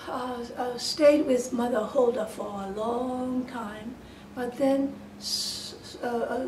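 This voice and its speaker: A woman retelling a fairy tale for English learners in simple words, hesitant with many fillers and restarts. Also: fairly high pitch. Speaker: storyteller. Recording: roomy, distant mic, faint hiss.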